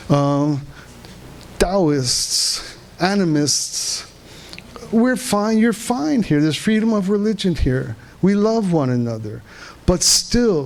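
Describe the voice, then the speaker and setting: A man giving a live lecture to an audience at a conference in a hall, halting and restarting often as he asks the room questions. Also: fairly high pitch. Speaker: conference speaker. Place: veterans hall, indoors.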